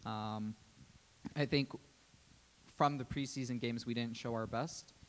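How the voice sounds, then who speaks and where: A man addressing the press as a team president, speaking in a measured way with frequent "um"s. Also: medium pitch, steady tone, a little hiss or hum. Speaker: team president and general manager. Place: media day press table. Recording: reverberant hall.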